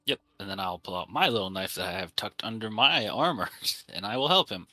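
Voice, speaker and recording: A man's voice: fairly low pitch, animated, fairly quick, pushed and bright, dry recording. A man playing a tabletop game, joking around in casual chat. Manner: joking, playful. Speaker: player.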